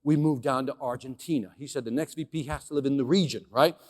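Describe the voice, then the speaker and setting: A man from Chicago giving a dramatic storytelling keynote as a motivational sales speaker, animated, swinging between hushed and loud, talking straight to the audience. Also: mid-range voice, quick pace. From Chicago, USA. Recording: long hall reverb.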